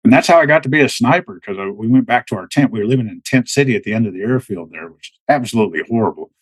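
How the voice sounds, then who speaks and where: A man's voice: mid-range voice, animated, racing, breathy edge, no echo, rough recording. A middle-aged man, a military veteran, telling stories as a podcast guest in a rambling way, full of restarts and fillers. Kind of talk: casual storytelling.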